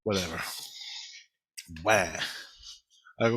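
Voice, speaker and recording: A man's voice: mid-range voice, animated, normal speed, long pauses, sharp tone, low-quality recording. A man rambling agitatedly through a profane monologue, swearing constantly as he recounts his visions. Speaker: vlogger recounting spiritual visions.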